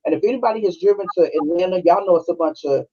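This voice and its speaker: A woman's voice: lowish voice, very fast, slightly rough, muffled recording. A middle-aged woman, a podcast co-host, telling a personal story on a live stream in a conversational, heartfelt way. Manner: conversational, heartfelt, full of "you know" and "like".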